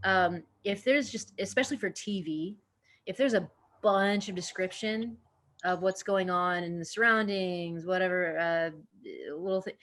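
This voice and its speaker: A woman talks as a guest actor on a podcast, relaxed and conversational. Her voice sits low for a woman, and she keeps pausing on fillers and starting sentences over as she works out her thoughts. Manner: chatty, frequent fillers and restarts. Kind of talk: casual interview talk.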